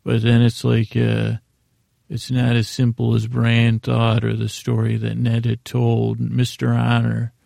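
A podcast host casually recaps a TV episode, loosely paraphrasing each scene and dropping plenty of "uh"s. His heavily gravelly, mid-range voice is flat, dark-toned and unhurried. The recording is dry and close like a podcast mic, with no room sound.

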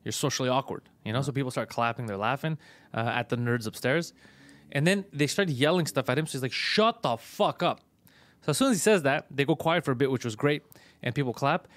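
A man casually telling a story on a podcast, fast, profane and animated. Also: medium pitch. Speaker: podcast host, comedian.

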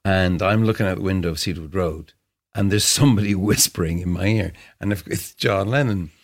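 A man's voice: low-pitched, brisk. A man, a musician guest in an interview, talking reflectively and searching for words with frequent restarts. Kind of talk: casual interview conversation.

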